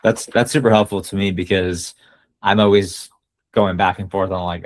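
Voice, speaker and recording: Very deep, flat-voiced man thinking aloud. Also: moderate pace. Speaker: session participant. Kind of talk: meeting feedback.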